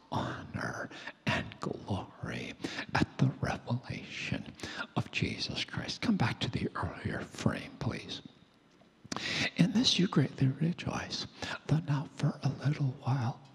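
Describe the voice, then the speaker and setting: A man preaching a sermon in a hoarse, breathy near-whisper, slow and emphatic, stretching out key words. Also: mid-range voice, a bit bright. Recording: long hall reverb.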